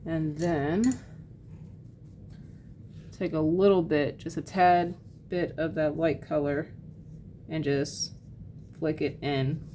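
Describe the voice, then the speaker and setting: Low-voiced woman teaching painting. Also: slow, pauses often, a little hiss or hum. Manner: relaxed, chatty, many fillers and apologies. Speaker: art teacher. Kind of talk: casual painting tutorial.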